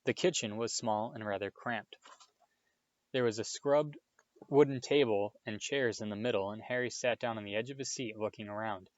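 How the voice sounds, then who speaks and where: A man narrating a children's story aloud, in a steady read-aloud manner, on a dull, lo-fi recording. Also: fairly low pitch, moderate pace, no room sound. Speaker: audiobook reader.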